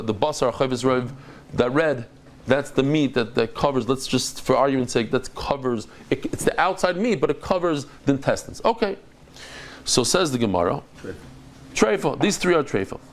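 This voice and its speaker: A man teaching a Talmud class, lively and acting out the dialogue. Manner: lively, acts out dialogue with big pitch jumps.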